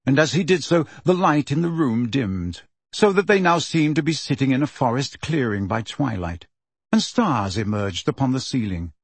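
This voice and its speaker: Husky-voiced male audiobook narrator. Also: mid-range voice, normal speed, no echo. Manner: steady storytelling delivery.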